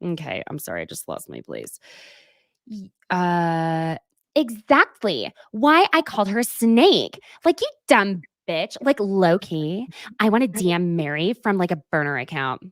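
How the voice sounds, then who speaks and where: A woman podcast host rattling through gossip in a lively, breathless rush, full of asides. Her voice is recorded dry and close, with no room sound around it. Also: fairly low pitch, unhurried, no echo. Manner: animated, breathless storytelling with frequent laughs. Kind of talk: casual gossip chat.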